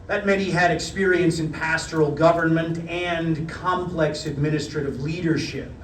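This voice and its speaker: A middle-aged man reading a prepared lecture in a measured, wry storytelling manner. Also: a little high, fairly even intonation, a little hiss or hum. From United States. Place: parish hall. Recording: roomy hall, mic at a distance.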